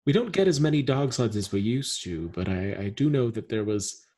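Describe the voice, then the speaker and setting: A man's voice: on the low side, lively intonation, moderate pace, a little mellow, slightly rough. A man voicing a nervous, eager-to-please townsman who stammers and hesitates.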